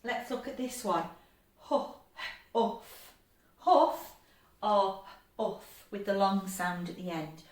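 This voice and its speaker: A woman teaching a phonics lesson to young children, encouraging and stretching sounds out slowly. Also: medium pitch, echoey room. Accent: English.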